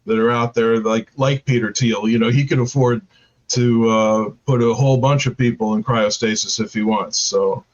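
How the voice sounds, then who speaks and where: A man with a mid-range voice, talking slowly and hesitantly with many pauses and fillers. His audio is dull and lo-fi, like a remote call. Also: mid-range voice, steady tone. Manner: hesitant, many ums and uhs. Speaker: guest. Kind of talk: casual discussion.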